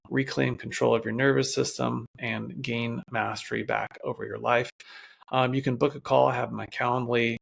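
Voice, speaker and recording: Gravelly-voiced man coaching calmly. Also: mid-range voice. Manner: calm explanatory, addresses listeners directly. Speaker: podcast host and self-control coach. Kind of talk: solo podcast talk.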